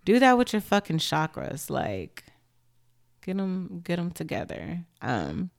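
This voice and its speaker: A young woman with a low, deep-set voice hosts a casual podcast. She rambles candidly, leaning on filler words, and sounds high. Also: wildly swooping pitch, takes it slowly, gravelly. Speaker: podcast host. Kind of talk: casual chat.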